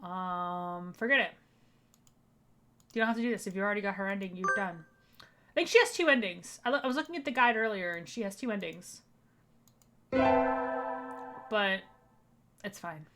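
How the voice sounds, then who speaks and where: Woman streamer, casual game commentary, chatty joking asides, mid-pitched, game music underneath. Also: normal speed, long pauses. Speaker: vtuber streamer.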